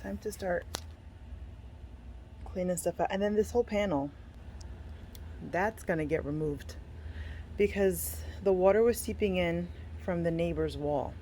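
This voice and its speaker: A woman filming a vlog walkthrough of her flooded basement, upset and halting as she holds back tears. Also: lowish voice, mellow, a little hiss or hum, rough recording. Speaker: vlogger, homeowner.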